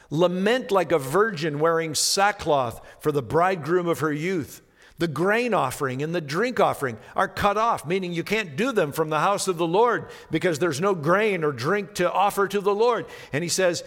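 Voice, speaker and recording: A man preaching a sermon, reading scripture slowly and emphatically, then explaining it and rising into impassioned pleas. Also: a little high, animated, fairly bright tone, long reverb tail. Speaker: pastor.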